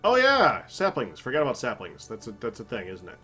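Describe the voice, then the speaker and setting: Lively man hosting a game session. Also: mid-range voice, brisk, husky, faint music behind. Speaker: host recording a gaming series. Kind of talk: casual gaming chat.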